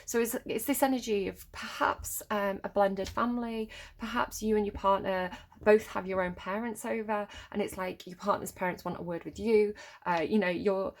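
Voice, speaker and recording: Woman, tarot reader at home, chatty and rambling, gravelly fry in the voice, hyper energy. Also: medium pitch, steady tone, moderate pace. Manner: chatty, rambling, filler-heavy; hyper and giddy. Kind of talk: casual intuitive tarot reading.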